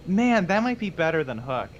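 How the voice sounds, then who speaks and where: Relaxed guy on a painting stream, mid voice, little hiss in the back. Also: fairly high pitch, dull audio. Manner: relaxed, drawls, swears lightly. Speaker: co-host of a miniature painting stream. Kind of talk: casual chat while painting.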